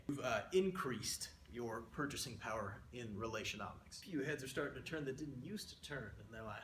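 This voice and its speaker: A man hams his way through a mock economics lecture in a middle-pitched voice, rambling off into playful, exaggerated asides. The sound is roomy and echoey, with a faint hiss underneath. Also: fast, a bit bright. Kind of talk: comedic lecture sketch. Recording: roomy echo.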